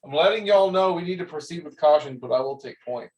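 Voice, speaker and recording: A man's voice: a little high, expressive, fast, a little mellow. A man playing in a tabletop game, talking through his moves with care and laughing easily. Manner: cautious, planning aloud, laughs easily. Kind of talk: casual tabletop game chat. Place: room at a gaming table. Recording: roomy and distant.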